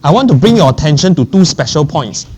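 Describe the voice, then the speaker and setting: A man's voice: on the high side, very animated, quick pace, mellow, a little hiss or hum. A man lecturing a maths class. He often checks in with the class and repeats key phrases. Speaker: maths teacher.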